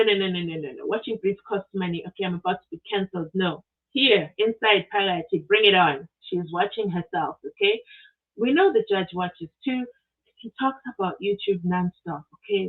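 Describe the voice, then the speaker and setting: A woman from South Africa hosting a live stream, chatting casually and reading viewer comments aloud with lively exclamations. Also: medium pitch. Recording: tinny phone-like audio.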